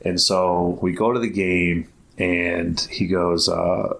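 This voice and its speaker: Deep-voiced man telling a rambling story. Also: steady tone, slow pace, gravelly, fairly bright tone. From Ohio, United States. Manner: rambling, lots of "like" and restarts, acts out quoted dialogue. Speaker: guest, basketball academy founder. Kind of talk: casual storytelling interview.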